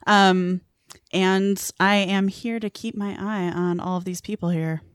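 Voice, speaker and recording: A woman's voice: mid-range voice, steady tone, unhurried, clear, resonant tone, no echo, lightly acted. A woman voicing a stern female sheriff in a tabletop role-play podcast, talking in a dry, matter-of-fact way. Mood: dismissive.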